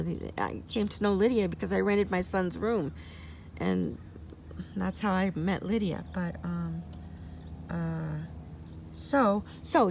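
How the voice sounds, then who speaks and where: A woman's voice: medium pitch, vocal fry, a little hiss or hum. A woman in her sixties telling a personal story in a meandering way that keeps circling back. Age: 60s. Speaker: vlogger.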